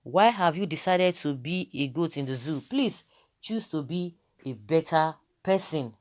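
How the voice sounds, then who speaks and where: A man's voice: fairly high pitch, animated, unhurried. A man with a Nigerian accent, hosting an online commentary and reading out viewer comments, switching between Pidgin and English with emphasis.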